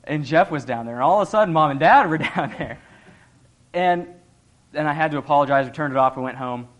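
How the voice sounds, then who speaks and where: A man's voice: on the high side, lively intonation, brisk, dull audio. A young man giving an earnest, conversational sermon, laughing often as he talks. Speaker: lay preacher.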